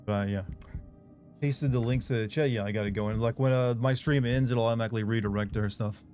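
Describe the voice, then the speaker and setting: A man hosting a game stream, chatting in a relaxed way and thinking aloud as he plays. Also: medium pitch, quick pace, soft background music. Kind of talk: casual gameplay commentary.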